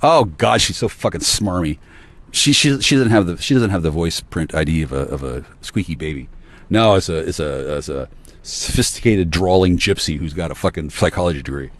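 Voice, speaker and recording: A man in a rambling solo monologue, ranting with heavy profanity and swinging between low muttering and sudden outbursts. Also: brisk.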